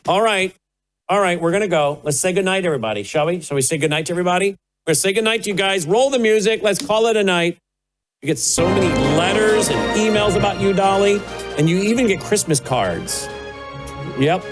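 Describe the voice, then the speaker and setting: A male talk show host with a slightly high voice, wrapping up his broadcast. He chats loosely and coos at a dog in the studio, over faint music in the background. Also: expressive, fairly quick, low-quality recording. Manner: chatty, talks baby talk to studio dog.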